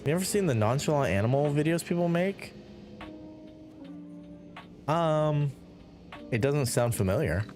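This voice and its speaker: A man's voice: a little high, lively intonation, slow, long pauses, a little mellow, soft background music. A man streaming a building game, rambling casually and reading viewer chat aloud between giggles.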